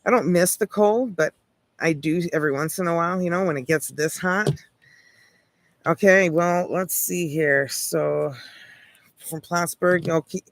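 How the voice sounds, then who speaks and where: Canadian woman, tarot livestream host, rambling casual chatter, deeper voice for a woman. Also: unhurried, dry recording. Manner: chatty, rambling, peppered with "like" and light laughs. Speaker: tarot reader hosting a livestream.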